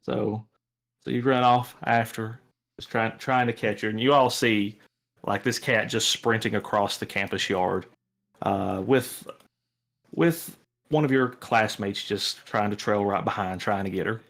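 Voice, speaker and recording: A man narrating a tabletop roleplaying game as game master, telling the scene in a relaxed way with frequent restarts. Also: fairly low pitch, a little slow, gravelly.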